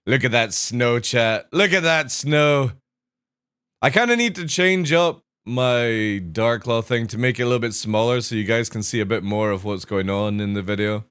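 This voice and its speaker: A man hosting his own live stream in a relaxed, rambling way, chatting to viewers and laughing at his own jokes. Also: on the low side, moderate pace, hardly any pauses, smooth. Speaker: streamer and show host. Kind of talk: casual live stream chat.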